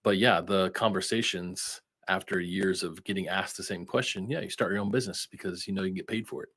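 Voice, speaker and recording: A man with a fairly low voice hosts a casual interview. He talks easily and backs up his guest with quick, supportive agreement. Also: fairly even intonation, a bit bright, slightly rough. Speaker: interview host, entrepreneur.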